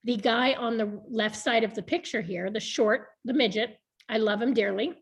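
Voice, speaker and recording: A woman's voice: a little high, normal speed, breathy edge. A woman in her thirties chatting frankly about her past on a video call, laughing often. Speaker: board member being interviewed. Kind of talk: casual video call chat.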